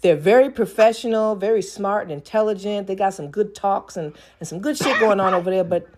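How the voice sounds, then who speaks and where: A woman podcaster chatting casually as a guest, giggly and animated. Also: medium pitch, fairly quick, background noise. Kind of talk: casual chat.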